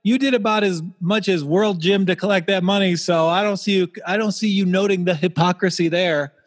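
Dude hosting a finance-y comedy podcast, dry jokes, kinda high voice, sounds like a big echoey room. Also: male voice, a little fast. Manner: dry, wry, reading out figures. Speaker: podcast host. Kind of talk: casual comedic podcast chat.

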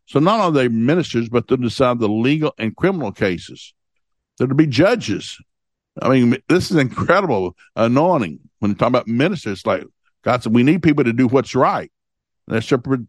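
A man's voice: medium pitch, no echo. Folksy man teaching from the Bible. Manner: folksy, repeats points and reads scripture aloud. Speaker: Bible teacher hosting a short devotional.

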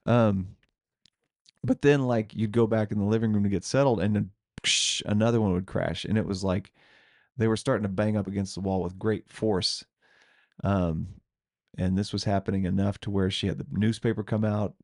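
A man with a low, gravelly voice co-hosts a podcast and tells a ghost story in a loose, rambling way. He laughs often as he goes. The sound is dry and close, with no room around him. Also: fairly even intonation, normal speed, darkish tone, no room sound. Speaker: podcast co-host. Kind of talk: casual chat, telling a ghost story.

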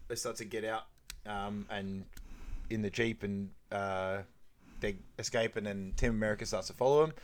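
A man's voice: fairly low pitch, steady tone, moderate pace. A man co-hosting a podcast, recapping a movie in casual chat and quoting its lines. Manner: retells scenes, quoting lines in put-on voices with laughs. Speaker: podcast co-host.

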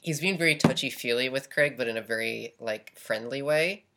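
A woman on a casual podcast chat, blunt and joking, quick to agree. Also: a bass voice, noisy background.

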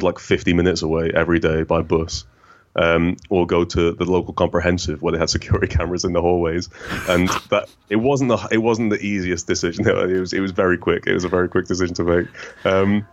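A man with a rich, smooth voice and a faint northern English accent, chatting casually as a guest with lots of restarts and self-deprecating asides. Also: sits low, lo-fi sound. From northern England. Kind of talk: casual conversation.

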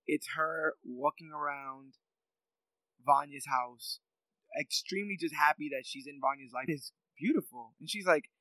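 A man's voice: a little high, unhurried, sharp tone, no room sound, rough recording. A man co-hosting a casual chat reviewing a TV series, talking in a thoughtful, reflective way with many filler ums. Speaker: podcast co-host.

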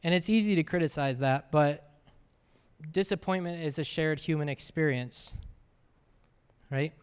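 High-voiced man preaching in an echoing hall. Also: measured pace, smooth. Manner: conversational preaching, frequent "right?" asides. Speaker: pastor. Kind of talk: sermon. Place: church sanctuary. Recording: reverberant hall.

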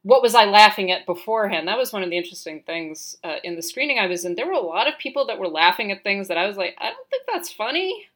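A woman co-hosts a film podcast in a casual, animated way, often acting out reactions. Her voice is bright and sits at a middle pitch. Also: fast, hardly any pauses. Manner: animated, playful, acts out reactions. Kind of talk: casual film review chat.

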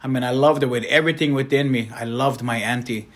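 A man's voice: mid-range voice, fast. A man from Hawaii, an evangelist telling his personal testimony in an earnest, heartfelt way.

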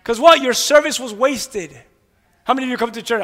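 A man preaching a lively sermon as pastor, repeatedly throwing rhetorical "what?" questions to the congregation and mocking grumblers in mumbled asides. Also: very high-pitched, moderate pace, in a large hall. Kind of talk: energetic sermon. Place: church sanctuary.

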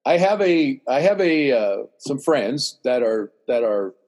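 A man's voice: mid-range voice, unhurried. An older man telling a long story in casual chat, acting out what others said, with many restarts. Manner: animated, acts out dialogue, rambling restarts.

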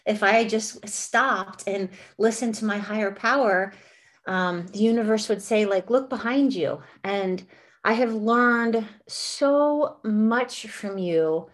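A woman in her thirties or forties speaks slowly and earnestly in a support-group meeting, gushing with gratitude. She talks in loose, looping sentences full of "like" and "you know". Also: mid-range voice. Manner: earnest and effusive, many "like" fillers. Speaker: meeting participant sharing. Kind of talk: heartfelt support-group share.

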